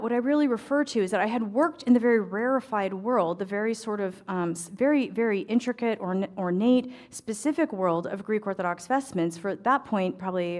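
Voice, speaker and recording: A middle-aged woman from the United States, an ecclesiastical tailor, telling a lively story to an audience and acting out the voices in her dialogue. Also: mid-range voice. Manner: animated, acts out dialogue, chatty fillers. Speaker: ecclesiastical tailor and embroidery speaker.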